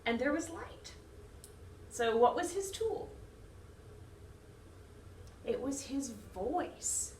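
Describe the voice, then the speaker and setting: A woman who directs a children's choir, teaching young children a lesson slowly in a sing-song way. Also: sits high, animated, a little mellow, a little hiss or hum. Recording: echoey room, mic some distance off.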